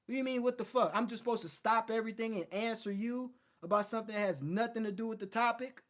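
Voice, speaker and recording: A man's voice: sits high, fast. A man hosting a livestream, lecturing his viewers bluntly and swearing often. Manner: mocks others in put-on voices. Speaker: host. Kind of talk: livestream coaching talk.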